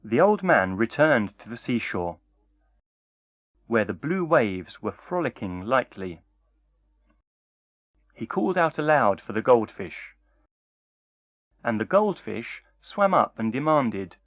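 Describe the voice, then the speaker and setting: Man reading a fairy tale, slow and sing-song, measured, dry close sound. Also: medium pitch, big pitch swings, fairly bright tone, no echo. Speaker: narrator. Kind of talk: storybook narration.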